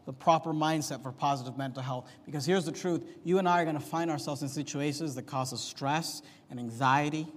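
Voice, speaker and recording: A man preaching a sermon as pastor, emphatic, swinging from quiet to loud. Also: on the high side, fairly quick, hardly any pauses. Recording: long hall reverb.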